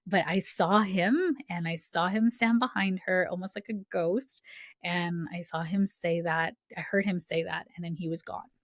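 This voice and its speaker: A woman's voice: fairly low pitch, normal speed, no room sound, studio quality. A woman hosting a podcast, telling a personal story in a chatty, filler-heavy way, often laughing and acting out the voices of people she quotes. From Canada. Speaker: podcast host.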